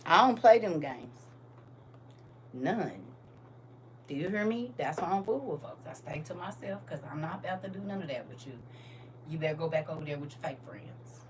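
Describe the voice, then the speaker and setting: A woman's voice: deep voice, expressive, moderate pace. A middle-aged woman hosting a live stream, telling blunt stories in casual talk. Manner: blunt, storytelling, scolding. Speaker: TikTok live host. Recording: distant from mic with faint noise.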